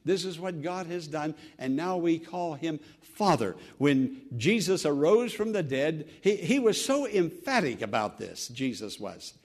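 Man, pastor, sermon, emphatic, animated pitch, slightly high voice. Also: a little slow, few pauses. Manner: earnest, emphatic, rising to exclamations.

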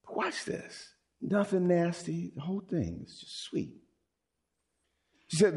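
A man preaching a sermon, playful and animated, acting out quotes and joking with the congregation. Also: fairly high pitch, a little slow.

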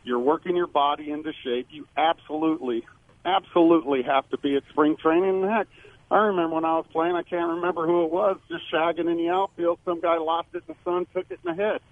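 A former ballplayer calling in as a radio guest, talking emphatically and rambling with frequent restarts. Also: male voice, a little high, lively intonation, fast, vocal fry. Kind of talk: sports radio call-in analysis. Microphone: phone. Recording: tinny phone line.

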